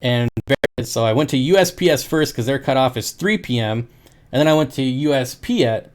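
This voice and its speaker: A man's voice: mid-range voice, expressive, moderate pace, darkish tone. A man who sells aquarium fish, chatting casually on his livestream, joking and laughing often. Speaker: aquarium fish seller and streamer.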